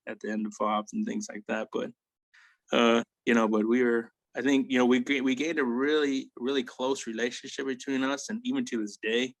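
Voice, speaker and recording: A man in his forties tells war stories as a guest, circling back and tossing in "right?" and "you know?" after nearly every thought. He is blunt and swears easily. His voice sits at an ordinary middle pitch and sounds dry and close, with no room around it. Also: dry recording, rough recording. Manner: rambling, tag questions like "right?" and "you know?". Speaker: army veteran guest. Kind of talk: casual war storytelling.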